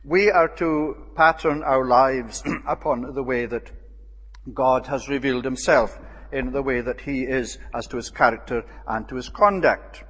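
Man preaching, husky voice, measured pace with many pauses, mid pitch, echoing church hall. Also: a bit bright. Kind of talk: expository Bible sermon. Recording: long reverb of a hall.

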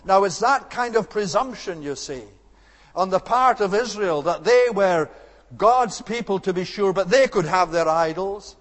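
Male preacher, high-pitched, earnest and emphatic delivery, long hall reverb. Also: lively intonation, measured pace. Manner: earnest, emphatic, rising to rhetorical outbursts. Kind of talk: expository sermon.

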